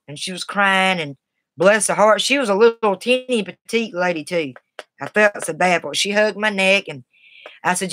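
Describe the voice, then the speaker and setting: A woman's voice: mid-range voice, moderate pace, a bit bright, dry recording. Blunt, tough-talking woman telling a story. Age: adult, has a daughter. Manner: blunt and tough, Southern-sounding colloquial speech. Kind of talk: casual personal storytelling.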